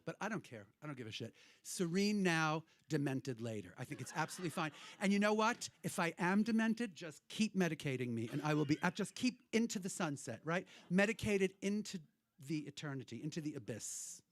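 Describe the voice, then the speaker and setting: A man's voice: a little high, lively intonation, a little fast. A man hosting a cabaret show, talking to the audience in rambling, irreverent stage banter, swearing freely. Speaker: cabaret host and performer. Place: hotel cabaret room.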